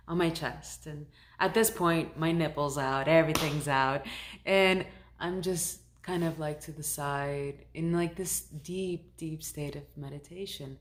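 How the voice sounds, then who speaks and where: Woman shaman telling a personal story. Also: low voice. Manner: conversational, animated recounting with reported dialogue.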